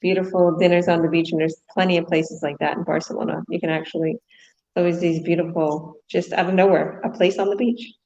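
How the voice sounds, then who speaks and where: A woman's voice: on the low side, steady tone, a little fast, darkish tone, muffled recording. A woman coach chatting casually and upbeat with a guest over a call. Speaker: business coach hosting the call. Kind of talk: casual chat.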